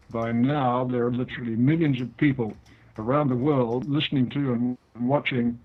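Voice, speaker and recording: Older New Zealand man on a tinny phone line. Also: medium pitch. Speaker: guest author. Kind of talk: interview over the phone.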